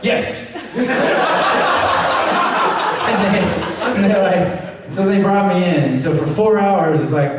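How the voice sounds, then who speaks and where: A man, a voice actor, telling stories and answering fan questions on a convention panel, acting out quoted lines in a higher voice. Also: expressive, slow, long pauses, heavy background noise. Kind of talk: Q&A panel storytelling. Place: large echoey event hall. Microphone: room recording from the audience. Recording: echoey hall, far from the mic.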